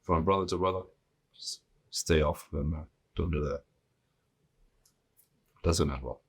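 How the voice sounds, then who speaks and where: Deep husky man, blunt podcast host. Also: fairly even intonation, slow pace. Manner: blunt, profane, joking. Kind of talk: casual solo podcast.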